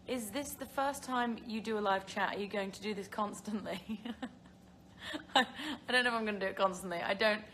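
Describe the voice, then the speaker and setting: A young actress from England chats casually on a phone livestream, reading fan questions aloud with frequent laughter and filler words. Her medium-pitched voice has a fairly bright tone at normal speed, with slight background noise.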